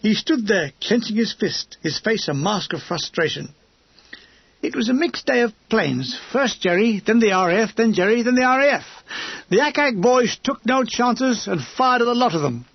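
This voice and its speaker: A man's voice: sits high, expressive, moderate pace, dry recording, lo-fi sound. A man narrating an audiobook memoir with dry, comic storytelling.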